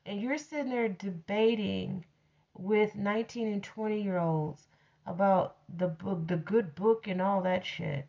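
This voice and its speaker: Woman ranting thru a story real slow, cussing a lot, kinda muffled lo-fi sound. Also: medium pitch, gravelly, a little mellow. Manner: blunt, profane, ranting. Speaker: storyteller host. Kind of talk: casual storytelling monologue.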